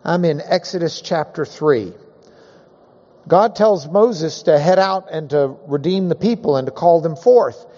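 A high-pitched man teaches a Bible class, unhurried and folksy, drawing out the words that matter. His voice rings through a large hall with a long echo, and the recording sounds muffled and dull. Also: dark tone. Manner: folksy and joking, drawn-out emphasis on key words.

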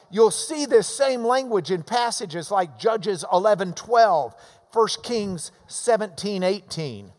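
A man delivers a sermon in a slow, deliberate teaching manner, leaning on repeated phrases to drive each point home. His voice sits high for a man. The sound carries the long reverb of a large hall. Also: lively intonation. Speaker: preacher.

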